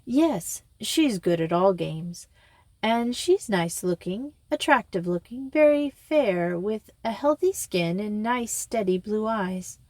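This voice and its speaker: A woman voicing a chatty, excitable middle-aged lady gardener who talks with gushing emphasis, her voice climbing high. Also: slow, dry recording. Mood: gossipy.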